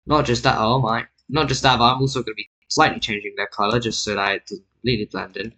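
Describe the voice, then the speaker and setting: A man's voice: medium pitch, fairly even intonation, quick pace, sharp tone, low-quality recording. A man casually narrating a map-drawing video, rambling and correcting himself with jokey asides. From Britain. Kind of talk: casual narration over screen recording.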